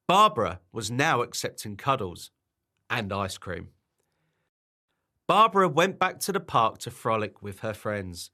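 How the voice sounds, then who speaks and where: A man reading a children's bedtime story aloud, in an animated and expressive way. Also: lowish voice, unhurried.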